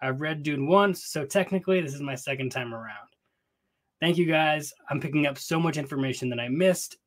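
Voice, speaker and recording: A man's voice: a little high, brisk. A man co-hosting a book podcast in casual chat, playful and jokey, recorded in a small closet. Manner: playful, jokey, chatty with filler words. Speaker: podcast co-host.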